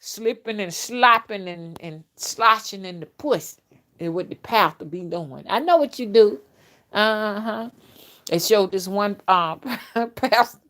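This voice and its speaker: A woman's voice: mid-range voice, takes it slowly, fairly bright tone. A woman, a spiritual reader talking in a blunt, graphic casual monologue and laughing along.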